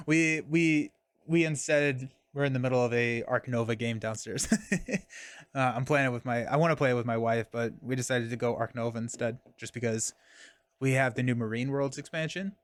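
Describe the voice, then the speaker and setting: A man's voice: mid-range voice, clear, resonant tone, no echo. A young man casually streaming a card game, talking through his moves and chatting with viewers. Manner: chatty, reads chat and thanks viewers mid-game.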